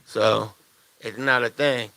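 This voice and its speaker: A man's voice: medium pitch, fairly even intonation, slow pace, creaky, pushed and bright, no room sound. Man, fighter, post-fight presser, rambling, dry close mic. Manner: blunt, profane, rambling.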